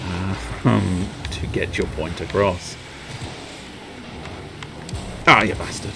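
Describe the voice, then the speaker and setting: A man giving live gameplay commentary, excitable, sweary and self-mocking, with sudden yelps. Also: deep voice, unhurried, gravelly, a little hiss or hum. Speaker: streamer.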